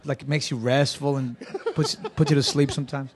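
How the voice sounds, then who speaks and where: A man's voice: medium pitch, little pitch movement, brisk, breathy edge. A man, a guest in an interview, telling stories in a rambling, self-mocking way with many restarts. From Queens, New York. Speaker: guest, comedic performer. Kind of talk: casual interview talk.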